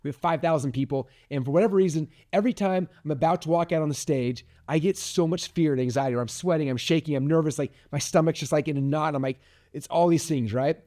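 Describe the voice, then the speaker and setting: A man's voice: on the high side, fast, warm tone, no room sound, studio quality. A man in his forties hosting a podcast, giving a rambling motivational talk full of likes and restarts. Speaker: podcast host.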